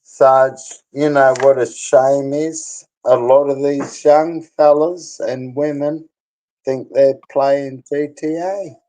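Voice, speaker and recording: A man's voice: medium pitch, steady tone, slow pace, mellow, slight background noise, poor audio. A middle-aged Australian man talking crudely and boastfully in casual chat, laughing often. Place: bar.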